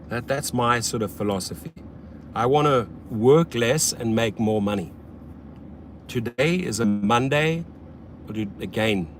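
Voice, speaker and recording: A man hosting a casual livestream as a rideshare driver, blunt and often profane, swinging between loud hype and low muttering. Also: a little hiss or hum.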